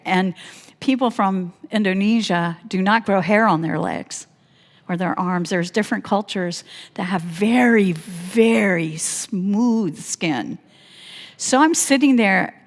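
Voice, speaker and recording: A woman pastor telling a personal story in a sermon, animated and laughing often as she speaks. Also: medium pitch. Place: church sanctuary. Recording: long church hall reverb.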